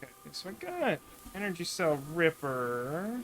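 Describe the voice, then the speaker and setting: A man's voice: fairly high pitch, sing-song, measured pace, a bit bright, a little hiss or hum. A man streaming a card game, chatting in a wry way as he thinks aloud about his moves. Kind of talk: let's-play commentary.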